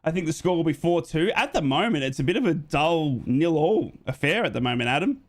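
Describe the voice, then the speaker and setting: An Australian man in his young adult years calls a football match live, reading and answering viewer chat between plays. His voice sits a little high for a man, and it soars up and speeds along whenever an attack gets exciting. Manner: jumps high and fast when excited. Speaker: fan watchalong commentator.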